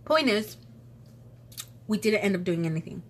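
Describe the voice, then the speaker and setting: A young woman vlogger telling a personal story in casual chat, sniffly and sneezing from allergies, animated and full of quoted back-and-forth. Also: medium pitch, moderate pace, a little hiss or hum. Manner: chatty, animated retelling with quoted voices.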